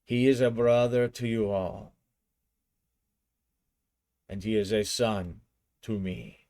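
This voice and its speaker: A man voicing an older gang boss father figure who speaks slowly and ceremonially. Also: on the low side, fairly even intonation, dark tone. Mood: solemn.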